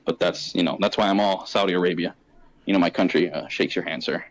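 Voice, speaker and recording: A man hosting a casual podcast, talking in a profane, slangy way and going off on quick tangents. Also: deep voice, steady tone, poor audio. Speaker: podcast host. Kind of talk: casual chat.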